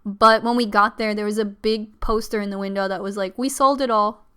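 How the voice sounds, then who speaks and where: Chatty woman live streaming, clear voice. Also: mid-range voice, level tone, brisk, bright, forceful tone. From Pennsylvania, US. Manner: chatty, rambling with fillers and laughs. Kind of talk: casual live stream chat.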